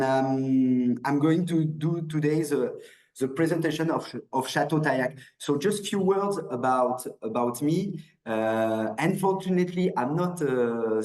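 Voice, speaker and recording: A man's voice: mid-range voice, normal speed, a little mellow, roomy sound, low-quality recording. French-accented man presenting on a video call. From France. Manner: hesitant, many restarts and fillers. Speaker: wine merchant presenter. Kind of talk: online wine presentation.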